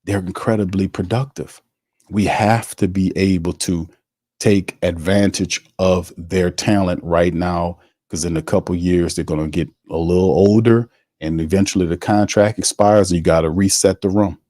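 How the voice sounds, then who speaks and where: Heated low-voiced sports podcast man. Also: steady tone, normal speed, warm tone, no room sound, studio quality. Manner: heated, colloquial, talks to the chat. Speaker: podcast host. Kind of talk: sports talk commentary.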